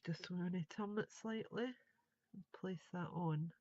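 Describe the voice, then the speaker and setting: A woman's voice: on the low side, measured pace, a little mellow, no room sound, lo-fi sound. A woman, chatting and thinking aloud as she demonstrates a craft project live. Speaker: craft tutor.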